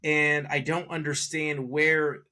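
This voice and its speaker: A man with a bright, forward voice, pitched a little high, co-hosting a casual movie review podcast. He talks in a rambling, animated way, restarting and correcting himself as he goes. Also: takes it slowly. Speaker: podcast co-host.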